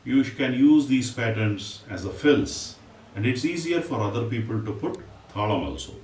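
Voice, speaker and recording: A man teaching a music lesson, explaining patiently and reciting drum syllables in quick bursts. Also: medium pitch, expressive. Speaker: rhythm teacher. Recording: echoey room, mic at a distance, faint noise.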